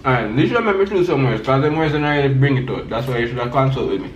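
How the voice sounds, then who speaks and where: Laid-back Jamaican man, quietly trailing off. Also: medium pitch, lively intonation, quick pace, lo-fi sound. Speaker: guest. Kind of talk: casual chat over food. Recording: roomy, from a distance, faint noise.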